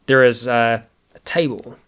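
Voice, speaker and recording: A man's voice: medium pitch, steady tone, measured pace, a bit bright, clean tone. Rambling man narrating as game master. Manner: rambling descriptions full of "like" and "kinda".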